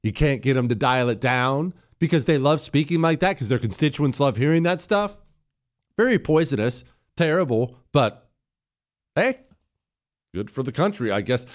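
A man's voice: mid-range voice, lively intonation, moderate pace. A man giving political opinion commentary in a sarcastic, scornful way, hammering points through repetition.

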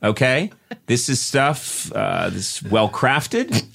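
A man hosts a comic podcast with mock-boastful, deadpan bravado. His pitch sits in the middle but moves in a lively way. He swings between bluster and quick asides. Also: creaky. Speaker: podcast host.

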